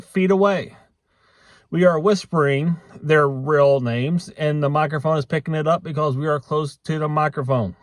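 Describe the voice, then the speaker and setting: A middle-aged man vlogs in an unhurried, halting way, full of ums and restarts. His voice sits a touch high for a man. The recording is dry and close, with no room sound. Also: no echo. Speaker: vlogger. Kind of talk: casual vlog monologue.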